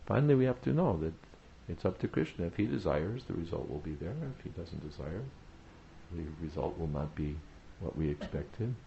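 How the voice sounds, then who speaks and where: A man with a very low, gravelly voice gives a devotional talk, measured and full of "uh" pauses and repeated phrases for emphasis. The recording sounds a little dull, with faint hiss behind him. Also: lively intonation, warm tone. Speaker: spiritual teacher.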